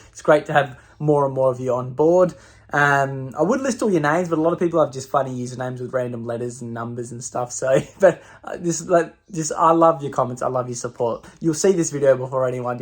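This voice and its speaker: An Australian man hosting his own vlog channel, talking bluntly in a loose, ranting way with plenty of swearing and ums. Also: mid-range voice. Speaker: channel host. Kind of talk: casual opinion vlog.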